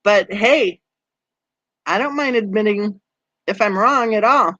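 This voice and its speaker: A woman hosting a true crime channel, chatting with viewers and reading their comments, conversational and quick to laugh. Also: mid-range voice, fairly bright tone, no echo, lo-fi sound. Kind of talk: livestream chat reading comments.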